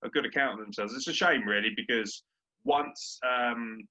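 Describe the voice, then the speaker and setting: A man's voice: medium pitch, normal speed, bright, forceful tone. A young man, a podcast co-host in casual sports chat, brash, sweary and ranting. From Britain. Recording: dull lo-fi audio.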